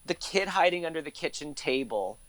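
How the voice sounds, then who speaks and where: A man's voice: fairly high pitch, expressive, fairly quick, fairly bright tone, dry recording. A man in his thirties, a guest on an interview show, telling stories in a chatty, casual way with lots of "like" and easy swearing. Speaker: interview guest, actor and former court reporter. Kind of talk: casual conversational storytelling.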